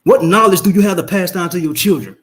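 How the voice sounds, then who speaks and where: A man's voice: sits high, a bit bright, a little hiss or hum. Profane, emphatic man ranting on stream. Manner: profane, emphatic, rhetorical questions; fast rambling outbursts. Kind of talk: casual live-stream rant.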